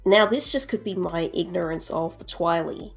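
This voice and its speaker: A woman's voice: on the low side, normal speed, vocal fry, soft background music. A woman chatting casually as a stream guest, thoughtful and drawing out her phrases. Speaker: co-host guest.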